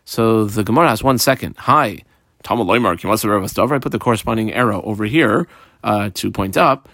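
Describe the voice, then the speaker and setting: A man's voice: fairly low pitch, quick pace, fairly bright tone, no room sound. A man teaching a study lesson, reading each line of the text aloud and then explaining it step by step. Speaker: Talmud teacher.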